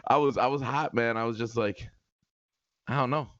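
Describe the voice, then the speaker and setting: A man's voice: medium pitch, a little slow, pauses often, no echo, highs cut off. A man co-hosting a casual podcast, telling stories with lots of laughter and repeated words. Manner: animated storyteller, laughs often, repeats himself. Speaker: podcast co-host. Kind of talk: casual chat.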